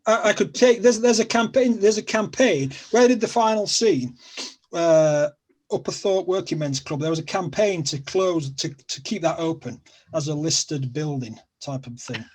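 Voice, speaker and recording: A man's voice: on the high side, moderate pace, darkish tone. A middle-aged man from England with a Sheffield accent, a guest in a casual chat, rambling and repeating himself with plenty of fillers. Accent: Sheffield, South Yorkshire.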